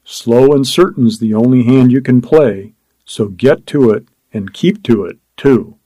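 A man voicing a lone gold prospector who talks to himself in slow, coaxing tones, weary and dogged. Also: medium pitch, warm tone, no room sound, lightly acted. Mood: crooning. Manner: slow, coaxing self-talk.

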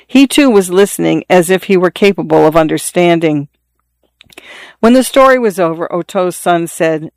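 A narrator reading a story in a measured, even way. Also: medium pitch, dry recording. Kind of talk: audiobook narration.

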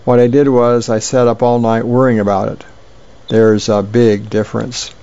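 Man voicing little schoolgirl, earnest, gravelly, lo-fi. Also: mid-range voice, level tone, moderate pace, mellow, close to an everyday voice. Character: young schoolgirl giving a class report.

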